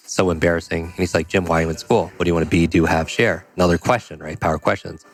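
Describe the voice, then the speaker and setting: A man telling a personal story as a podcast guest, energetic and acting out the dialogue. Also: sits low, fast, hardly any pauses. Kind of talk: conversational storytelling.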